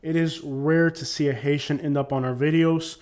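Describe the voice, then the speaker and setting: A man's voice: fairly high pitch, steady tone, normal speed, a little mellow. A man born in Cuba giving emphatic, preachy casual commentary to his audience, at times reading a letter aloud in a formal tone.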